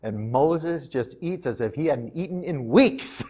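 Animated storytelling male preacher. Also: a little high, a little slow. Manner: animated, conversational, slips into character voices. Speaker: pastor. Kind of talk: storytelling sermon.

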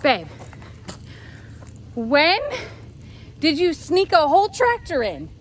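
Woman, young adult, high voice, casual vlog chat, emotional, gushing, laughs and sighs. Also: wildly swooping pitch, takes it slowly. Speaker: farm vlogger.

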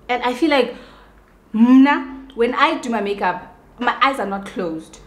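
A woman's voice: a little high, measured pace. Xhosa-accented woman ranting in an echoey room. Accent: South African, Xhosa. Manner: animated, switching between English and Xhosa, asks "you understand?". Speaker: beauty vlogger. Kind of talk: casual ranting while doing makeup.

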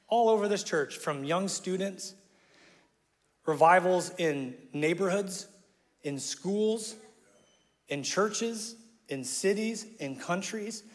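A man's voice: high voice, lively intonation, takes it slowly, pauses often. A male pastor preaching a sermon in a casual, slangy way, acting out the people in his story and laughing often. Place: church auditorium. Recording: live hall with long reverb.

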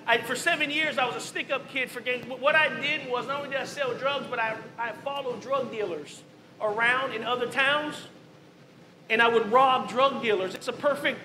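Pastor, male, high bright voice, candid storyteller, echoey church sound. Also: a little hiss or hum. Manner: candid storytelling, conversational asides. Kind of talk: testimony sermon. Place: church sanctuary.

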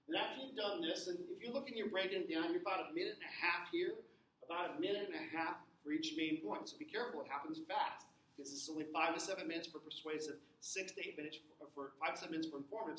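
Man, lecturer, high pitch, faint background hiss. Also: fast talker, fairly bright tone. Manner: repeats himself, checks in with "okay?". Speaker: teacher. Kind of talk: recorded lecture. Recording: echoey room with faint noise.

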